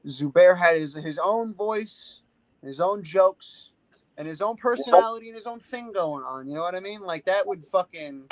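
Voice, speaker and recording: A man's voice: high-pitched, dry recording, poor audio. Man, casual podcast chat, swears a lot, rambling fillers, dry room. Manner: blunt, heavy swearing, lots of filler "like".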